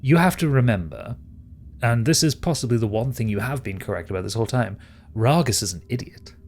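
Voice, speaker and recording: A man's voice: mid-range voice, lively intonation, brisk, a little mellow, a little hiss or hum, lightly acted. A British man voicing a smug, sneering male villain who schemes and gloats. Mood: gloating.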